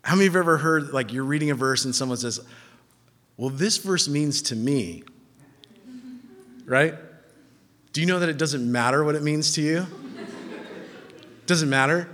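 A man with a high voice delivers a sermon in a hall with a long, ringing reverb. He drives his points home through repetition and emphasis, then drops into casual asides to the congregation. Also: a little fast, long pauses, fairly bright tone. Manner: emphatic, repeating phrases for stress, with asides to the congregation. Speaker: preacher.

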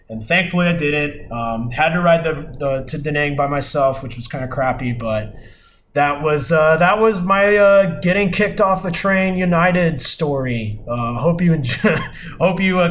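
A young man hosts his podcast alone, telling a story in a loose, rambling way full of fillers and false starts. His voice sits a little high for a man. A faint hiss of background noise runs under the recording. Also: a bit bright. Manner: rambling, many fillers and restarts, exasperated retelling. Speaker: podcast host. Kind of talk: casual storytelling.

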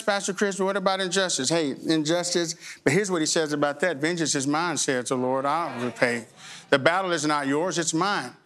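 High-voiced, impassioned middle-aged pastor preaching. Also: male voice, fairly bright tone. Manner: impassioned preaching, swings between raised high emphatic lines and low slow drops. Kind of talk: sermon. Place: church sanctuary before a congregation.

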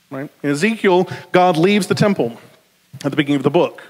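Southern pastor preaching in a reverberant hall. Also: male voice, high voice, animated. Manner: conversational, jokey asides, slows for emphasis. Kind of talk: sermon.

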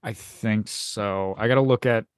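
A man's voice: lowish voice, steady tone, measured pace, clear, resonant tone, dry recording, clean studio sound. A young American man hosting a podcast, chatting casually, sarcastic and swearing freely. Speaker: podcast host. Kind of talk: casual chat.

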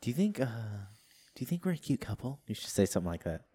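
A man with a lowish voice that rises and falls a lot, joking around in casual chat. He keeps a playful tone throughout. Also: big pitch swings, quick pace, warm tone, breathy edge.

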